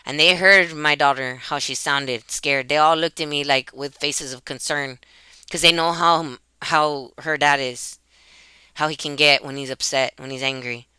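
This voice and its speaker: A woman talks straight into her computer webcam in a personal vlog, her voice very bright and crisp. She rambles with feeling, restarting phrases and circling back. The sound is dry and close. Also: low-pitched, steady tone, a little slow, no echo. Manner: emotional, rambling, restarts and repeats herself. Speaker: YouTuber.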